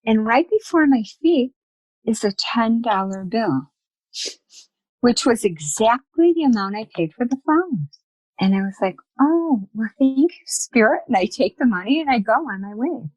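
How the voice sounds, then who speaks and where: A woman guest on a podcast interview, telling personal stories in a lively, chatty way and acting out the dialogue. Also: on the high side, moderate pace, no room sound, low-quality recording. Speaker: guest, spiritual medium. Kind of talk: casual storytelling in an interview.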